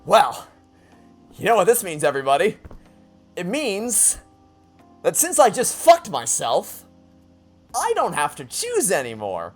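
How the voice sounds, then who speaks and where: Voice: medium pitch, huge pitch swings, measured pace, pauses often, faint music behind. A let's play gamer giving emotional commentary, stammering often, getting exasperated and swearing.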